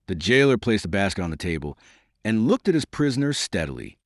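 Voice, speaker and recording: A man reads a classic novel aloud as an audiobook narrator, with a measured, dramatic delivery. His voice is low, yet his intonation rises and falls with lively range. The sound is dry and close, without room echo. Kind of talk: scripted narration.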